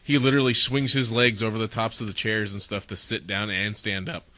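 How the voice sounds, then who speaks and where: Male podcast co-host, casual and chatty, bright edge, dry close mic. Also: lowish voice, little pitch movement, a little fast, no room sound. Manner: chatty, laughs often, filler "uh". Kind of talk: casual chat, reading listener feedback.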